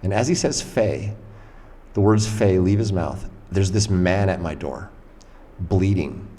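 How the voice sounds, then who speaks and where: Podcast host, male, very low voice, animated storyteller who swears casually; long reverb room sound. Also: unhurried.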